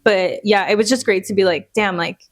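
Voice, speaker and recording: A woman's voice: medium pitch, fairly even intonation, a little fast. Candid young woman podcast co-host. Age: young adult. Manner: candid storytelling, many "like"s, swears. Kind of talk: casual chat.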